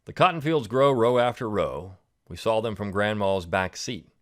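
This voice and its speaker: Deep-voiced man reading slowly. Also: expressive. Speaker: host. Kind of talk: reading a poem, then commentary.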